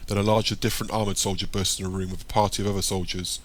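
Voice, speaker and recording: A man reading an audiobook in a steady, descriptive way. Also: low voice, racing. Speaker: audiobook narrator. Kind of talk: audiobook narration.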